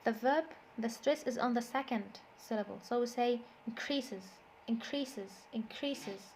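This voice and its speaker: Brief: Egyptian-accented woman teacher, slightly high voice, patient drilling, light hiss behind. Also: normal speed, darkish tone. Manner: switches between English and Egyptian Arabic, repeats words to drill stress. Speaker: English teacher. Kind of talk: classroom lesson explanation.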